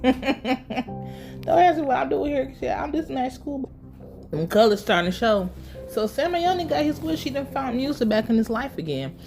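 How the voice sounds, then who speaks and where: A woman giving a casual, sassy and profane recap of a TV episode with lively asides. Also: high-pitched, moderate pace, faint music behind. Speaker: show recap host.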